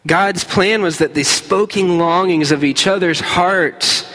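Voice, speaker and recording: A man's voice: high voice, unhurried, pushed and bright. A man preaching a sermon as pastor, earnest and conversational. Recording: hall reverb.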